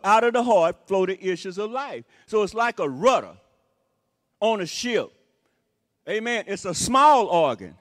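Man, pastor, emphatic sermon, high voice, long church-hall reverb. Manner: preaching with frequent "Amen" and "Praise the Lord" exclamations; repetitive emphatic phrasing. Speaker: associate pastor. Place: church sanctuary.

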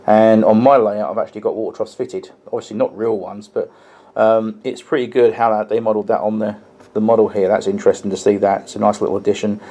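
Bloke chatting through a model train review, mellow low voice, lots of ums. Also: male voice, level tone, quick pace. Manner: chatty, with frequent ums and restarts, stresses small details. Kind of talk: casual hobby review, explaining hands-on.

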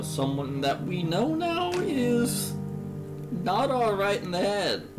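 A man's voice: on the high side, rough recording. A man reacting emotionally to a visual novel while playing, teary-eyed, swearing and repeating himself as he fights back tears. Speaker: game streamer. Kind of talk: emotional let's-play reaction.

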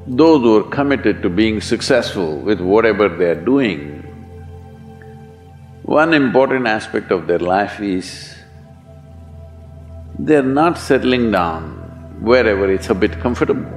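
A man's voice: lowish voice, lively intonation, unhurried. A man giving a spiritual talk, asking rhetorical questions and slipping in jokes. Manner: rhetorical questions, joking asides. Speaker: spiritual teacher. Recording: reverberant hall with soft music.

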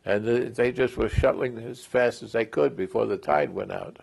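Old guy in his 80s, gravelly, tells army stories in an interview, lots of restarts. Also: fairly low pitch, moderate pace, a little mellow. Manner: rambling, chuckling storyteller with restarts. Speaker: Korean War veteran interviewee. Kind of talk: oral history interview.

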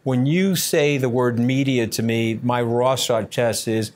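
A man answering interview questions bluntly and combatively, brash and scathing, talking in quick bursts with many fillers. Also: medium pitch, fairly even intonation, background noise. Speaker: interview guest.

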